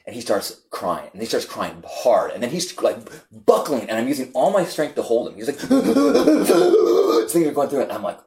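A man on a podcast telling a story with animated, halting delivery and repeated words. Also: lowish voice. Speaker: podcast guest. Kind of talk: casual chat, storytelling.

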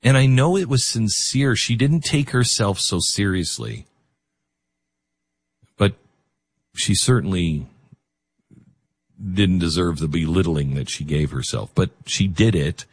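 A low, husky-voiced man hosts a talk radio show with a lively, swinging delivery. He speaks with emotional emphasis into a dry studio microphone. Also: measured pace, long pauses, no room sound.

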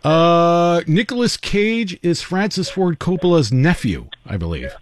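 A man's voice: fairly high pitch, sing-song, measured pace, a little hiss or hum. A man hosting a live radio trivia show, bantering with his co-host and taking callers with easygoing self-deprecating humor.

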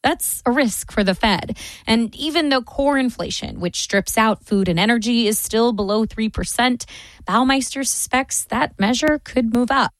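A woman's voice: on the high side, dry recording. Female radio reporter reading a news piece. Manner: measured, clear reading. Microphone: studio mic.

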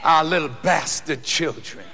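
Man, high voice, fiery preacher, shouts at peaks; reverberant hall, faint hiss. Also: lively intonation. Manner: preaching, rising to shouts, slow deliberate emphasis. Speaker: preacher addressing an audience. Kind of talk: impassioned speech. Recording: echoey hall with faint noise.

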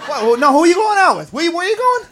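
A man's voice: extremely high pitch, big pitch swings, quick pace, a little hiss or hum, full character voice. A man voicing a suspicious, controlling boyfriend nagging with questions. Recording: live club with loud crowd.

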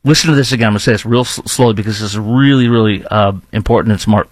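A man's voice: on the low side, racing, hardly any pauses, dry recording. A man hosting a political talk radio show, speaking emphatically, repeating himself and firing rhetorical questions.

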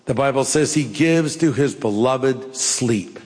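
An older man preaching a sermon, telling folksy stories with jokes and pauses. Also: medium pitch, darkish tone, breathy edge. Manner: folksy, jokey storytelling with pauses. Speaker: pastor. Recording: long hall reverb.

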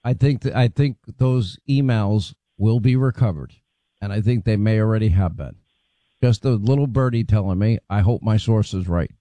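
A man's voice: on the low side, normal speed, dark tone, no room sound. A man hosting an interview, talking in an assertive way and stating his predictions. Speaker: host. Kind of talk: interview talk.

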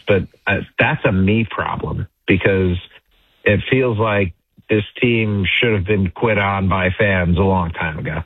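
A man's voice: low voice, a little slow, breathy edge, no room sound, phone-quality sound. A man talking baseball as a guest on a sports radio show, self-deprecating and packed with statistics, restarting his sentences often. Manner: self-deprecating, stat-heavy, frequent restarts. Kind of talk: casual sports radio chat.

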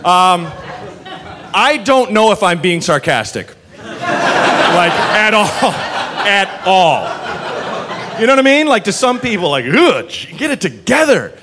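A self-deprecating stand-up comedian in his late thirties, a man with a high voice that swings all over the place. He rambles through his set. The live club recording carries a lot of noise. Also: sing-song, takes it slowly, long pauses, sharp tone, a faint crowd. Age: 30s. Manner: rambling, self-deprecating, full of "like" and "you know". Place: comedy club stage before a laughing audience.

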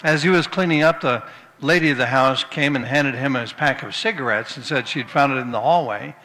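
A man's voice: medium pitch, brisk, sharp tone, big-room sound. A man preaching a sermon, telling folksy jokes and anecdotes before turning to scripture. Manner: folksy storytelling, tells jokes then turns to scripture.

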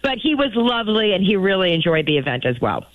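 A woman's voice: medium pitch, quick pace, no echo. A woman co-hosting a talk show, telling stories in casual banter with playful laughter. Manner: playful, laughing, animated storyteller. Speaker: producer and co-host. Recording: tinny phone-line sound, dry.

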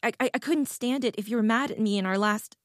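A woman's voice: on the high side, no room sound, clean studio sound, voice pushed up, natural voice. A woman voicing a hesitant, apologetic young woman. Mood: pleading. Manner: hesitant, halting.

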